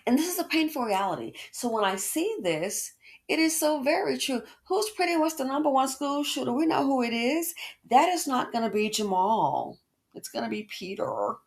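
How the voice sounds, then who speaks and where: A woman hosting a reaction commentary, expressive and repeating words as she reacts. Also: a little high, normal speed. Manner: expressive, swoops into mock voices, repeats words. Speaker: commentary channel host.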